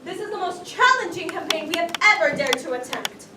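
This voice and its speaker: A woman's voice: very high voice, lively intonation, brisk, noisy background. A woman performing a comic quest sketch in a grandiose, mock-heroic declaiming manner. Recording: roomy, from a distance.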